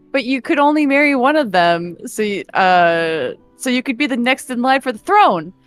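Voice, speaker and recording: A woman's voice: on the high side, animated, dry recording, soft background music. A woman voicing a nosy, bubbly young girl. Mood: scheming. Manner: rapid-fire questions, teasing. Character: cheerful nosy young girl, pushy and playful.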